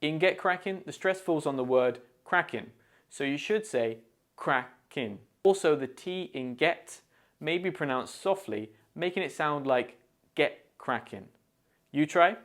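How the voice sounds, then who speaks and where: A man with a British accent presenting a scripted English idiom lesson, explaining each phrase clearly and modelling its pronunciation. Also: a little high, lively intonation, fairly bright tone. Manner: clear, deliberate, pronunciation-focused teaching. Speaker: English teacher.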